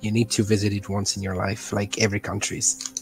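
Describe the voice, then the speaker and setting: A man talking casually as a co-op teammate, calm and friendly, carefully planning moves. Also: lowish voice, brisk, creaky, soft background music, poor audio. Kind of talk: casual gaming chat.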